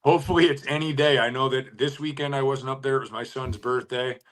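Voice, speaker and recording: A man, a fishing guide and co-host, telling a story in a casual chat, animated. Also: mid-range voice, fast.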